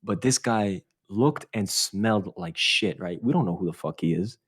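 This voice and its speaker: A man's voice: low voice, normal speed, husky. Young man telling a story, lots of swearing. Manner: animated, swears a lot, laughs while telling. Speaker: podcast host. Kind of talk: casual storytelling chat.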